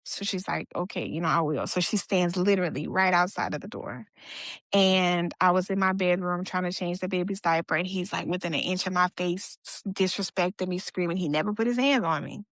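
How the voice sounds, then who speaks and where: A woman's voice: on the low side, a little fast, a bit bright, no echo. Woman retelling her story, dry close sound. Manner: conversational, retelling events with quoted dialogue and fillers. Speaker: guest sharing her story. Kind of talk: personal storytelling in a podcast interview.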